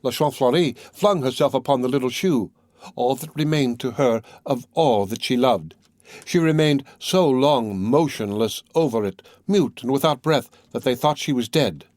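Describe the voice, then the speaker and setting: A man's voice: medium pitch, normal speed, a little mellow, dry recording, studio quality, close to an everyday voice. A man reading a sorrowful townswoman telling a tale. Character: grieving middle-aged woman telling a sad tale. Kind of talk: scripted narration.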